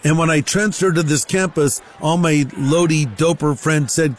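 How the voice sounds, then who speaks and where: A man's voice: a little high, fairly even intonation, moderate pace, a little hiss or hum. A man, a pastor, telling a personal testimony story and acting out the other voices in it.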